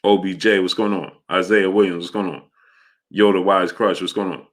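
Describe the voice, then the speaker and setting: Low-voiced New man chatting live. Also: steady tone, normal speed. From New York. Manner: rambling, greets chat viewers by name, many filler sounds. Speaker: sports show host. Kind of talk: casual livestream chat.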